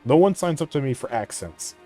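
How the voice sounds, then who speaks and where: A man giving casual commentary on a strategy game, mumbling to himself and trailing off into quiet asides. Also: fairly high pitch, lively intonation, brisk, soft background music. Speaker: gaming channel host.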